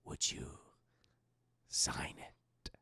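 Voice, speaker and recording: A man voicing a sinister male devil tempter in a slow, coaxing, hushed whisper. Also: no room sound, clean studio sound, full character voice. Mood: coaxing menace.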